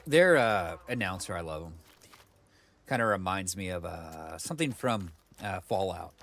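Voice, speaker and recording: Rambling low-voiced male game streamer. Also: lively intonation, moderate pace, fairly bright tone. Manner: rambling, chatty, full of fillers and asides. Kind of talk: casual let's-play commentary.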